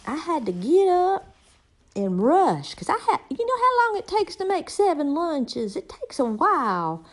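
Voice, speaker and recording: A woman's voice: high voice, big pitch swings, a little slow. A middle-aged woman telling a rambling, folksy comic story in a casual monologue.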